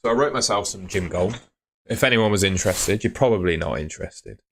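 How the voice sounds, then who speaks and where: Low-voiced chatty man streaming live. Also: lively intonation, brisk, fairly bright tone, slight background noise. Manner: chatty, rambling, answers chat by name. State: tired, yawning. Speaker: fantasy football streamer. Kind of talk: casual live stream chat.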